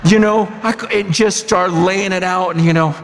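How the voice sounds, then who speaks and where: A man preaching a sermon, telling a story in a lively, conversational way that breaks into shouts. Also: high voice, moderate pace, gravelly, in a large hall, noisy background. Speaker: pastor.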